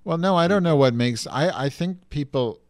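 A man's voice: a little high, expressive, moderate pace, a little mellow, no echo. A man co-hosting a casual podcast chat, brash, profane and theatrical. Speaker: podcast co-host.

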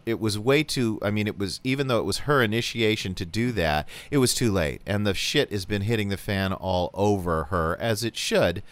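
A man co-hosting a chat show with a low, smooth voice. He talks in a dramatic, indignant, campy way and holds the floor at length. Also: normal speed, hardly any pauses, no room sound. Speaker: co-host. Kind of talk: casual chat.

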